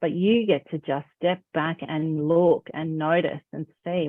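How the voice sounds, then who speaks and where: A woman's voice: low voice, fairly even intonation, a little slow, hardly any pauses, dry recording. A woman coach giving an encouraging, emphatic motivational talk over a video call. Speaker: confidence coach. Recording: phone-like narrow sound.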